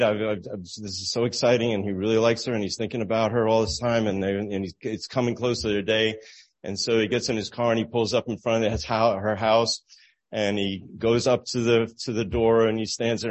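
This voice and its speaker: A man with a somewhat low voice tells a story to make a moral point. He talks in a relaxed, unhurried way, with small restarts and soft chuckles. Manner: relaxed, halting storyteller who laughs at his own story. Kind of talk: storytelling sermon illustration.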